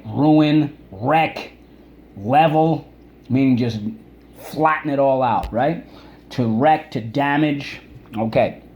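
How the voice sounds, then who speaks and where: Male teacher, mid-pitched, coaxing repeat-after-me delivery for a kids' word lesson, light background hiss. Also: a little mellow. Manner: drawn-out syllables, coaxing repetition. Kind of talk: recorded vocabulary lesson for children.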